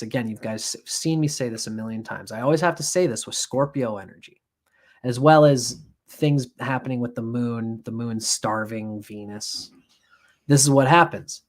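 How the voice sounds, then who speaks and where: Blunt, profane male astrologer. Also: medium pitch. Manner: blunt, profane, animated, acts out voices. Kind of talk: live-stream astrology reading.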